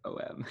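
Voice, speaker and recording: A teenage guy from the United States co-hosts a casual sports podcast over a video call, running the quiz as quizmaster and teasing his friends in an upbeat way. His voice has a sharp tone, though the audio sounds dull.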